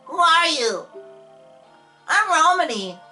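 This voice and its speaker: A man's voice: very high-pitched, big pitch swings, takes it slowly, pushed and bright, soft background music, voice pushed up, heavily acted. A man voicing a cheerful, innocent young ranch girl, reading game dialogue in a sing-song way. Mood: chirpy.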